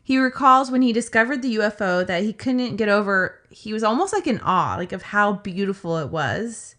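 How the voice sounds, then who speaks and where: A woman's voice: mid-range voice, expressive, moderate pace, bright, forceful tone. A woman co-hosting a podcast, retelling a story in a chatty, casual way with lots of "like" fillers. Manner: chatty, filler-heavy retelling with acted quotes. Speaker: podcast co-host.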